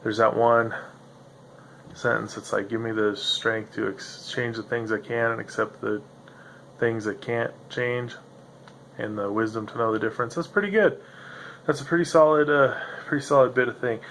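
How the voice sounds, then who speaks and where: A man's voice: medium pitch, fairly even intonation, moderate pace, fairly bright tone, a little hiss or hum. A man hosting a solo podcast, musing in a meandering, self-interrupting way with a slightly nasal voice. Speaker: podcast host. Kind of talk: rambling solo monologue.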